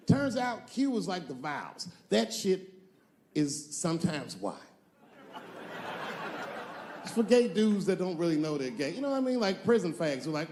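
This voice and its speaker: A man's voice: high voice, sing-song, moderate pace, pauses often, a little mellow, some chatter behind, a little hiss or hum. Profane, punchy male stand-up comedian. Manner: profane, conversational storytelling with punchy emphasis.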